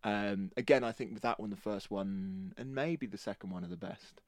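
A man's voice: on the low side, normal speed, dry recording, studio quality. A man co-hosting a casual podcast chat, talking enthusiastically and rambling. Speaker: podcast co-host.

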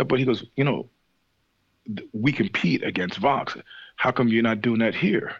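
Casting note: husky, gravelly man, rambling profane storyteller, dry dull recording. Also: on the low side, a little fast, no echo. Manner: rambling, profane, many restarts. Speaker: podcast guest, singer and show host. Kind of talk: casual chat.

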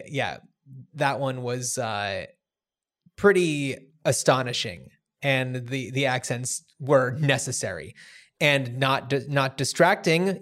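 A man co-hosting a podcast, chatting about films in a relaxed way and hedging with fillers. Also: medium pitch. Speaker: podcast co-host. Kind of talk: casual film discussion.

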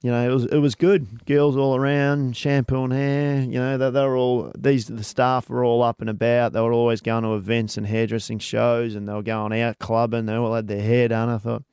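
Gravelly-voiced Australian man telling stories. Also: medium pitch, normal speed, hardly any pauses, no echo, studio quality. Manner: lively storyteller, leans on "you know". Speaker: guest hairdresser. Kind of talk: casual interview chat.

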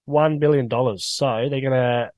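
A man co-hosts a relaxed podcast over a video call, chatting and joking. His recording sounds dry, with no room echo. His voice sits at a middle pitch. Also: moderate pace, dull audio. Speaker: podcast co-host. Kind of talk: casual chat.

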